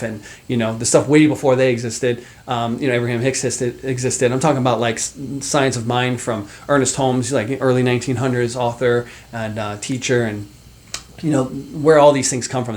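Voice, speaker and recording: Middle-aged male life coach, motivational talk to camera, chatty and animated, mid pitch. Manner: animated, conversational, many fillers and asides.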